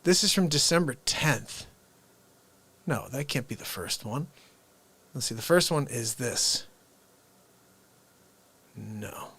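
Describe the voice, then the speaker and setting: A man hosting a comedy livestream, chatting casually and rambling in a low-key, soft-spoken way. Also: animated, takes it slowly, vocal fry, long pauses, breathy edge.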